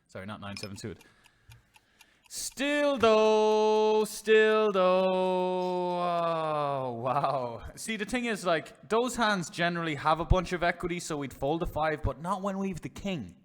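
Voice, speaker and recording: A man's voice: on the high side, sing-song, brisk, hardly any pauses, a bit bright. A man commentating on his own online poker hands live, chatty and swearing freely, talking to his chat as lads and boys. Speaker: poker streamer.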